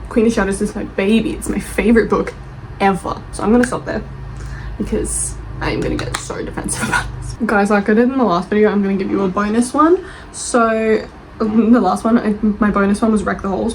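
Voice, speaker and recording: A young woman reading book reviews aloud and reacting with animated, defensive chat. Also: mid-range voice, slight background noise, rough recording. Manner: animated, gushing, defensive, laughs often.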